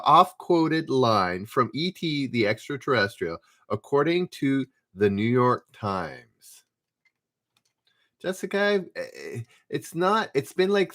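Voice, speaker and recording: A man's voice: medium pitch, fairly bright tone. A man hosting a live trivia stream, reading questions aloud and chatting easily with viewers in the chat, laughing often. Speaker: trivia game host.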